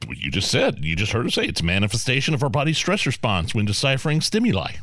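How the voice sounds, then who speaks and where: A man co-hosting a radio show in a studio, animated and quick to laugh while he reads out news bits. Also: medium pitch, dry recording. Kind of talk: casual radio banter. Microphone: studio microphone.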